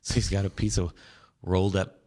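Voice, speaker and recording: A man with a very low voice co-hosting a casual guitar podcast. He rambles in a halting way, often restarting his sentences and laughing as he talks. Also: level tone, mellow. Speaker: podcast co-host. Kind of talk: casual chat.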